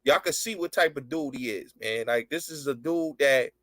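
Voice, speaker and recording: A man's voice: mid-range voice, normal speed, fairly bright tone, no room sound. A man hosting a casual online show, chatting over a call, agreeing often and repeating himself. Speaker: show host. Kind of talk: casual video-call chat.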